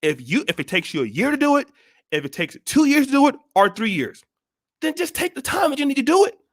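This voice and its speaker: Male vlog host, very high voice, preachy and forceful, tough-love rant. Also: sing-song, a little fast. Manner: blunt, scolding, repeats rhetorical questions. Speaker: channel host. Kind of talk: blunt motivational monologue.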